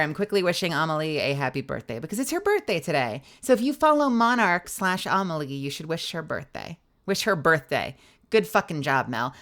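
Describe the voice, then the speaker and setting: A woman streamer in relaxed live chat, her voice bright and sharp with a slightly low pitch. She jokes, teases herself and swears without a second thought. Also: fairly quick. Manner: playful, self-deprecating, joking, swears freely. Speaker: livestreamer.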